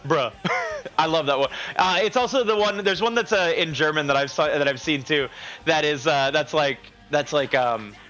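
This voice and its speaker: Bright, chatty streamer man. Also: a little high, moderate pace, soft background music, poor audio. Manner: rambling, laughs often, frequent restarts. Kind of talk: casual cooking stream chat. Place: home kitchen.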